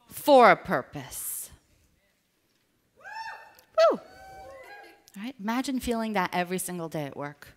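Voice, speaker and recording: A woman business coach giving an energetic motivational seminar talk, drawing the audience in with call-and-response questions. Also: fairly low pitch. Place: live event with an audience.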